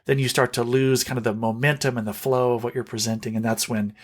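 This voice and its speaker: A man, a music specialist for young children, explaining classroom songs in a lively, teacherly way as a podcast guest. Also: mid-range voice, fast. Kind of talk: podcast interview.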